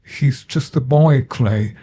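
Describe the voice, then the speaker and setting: A man's voice: medium pitch, slow, warm tone, breathy edge, pitched above the performer's own voice. A man voicing a frightened woman who pleads frantically through tears. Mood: frantic pleading.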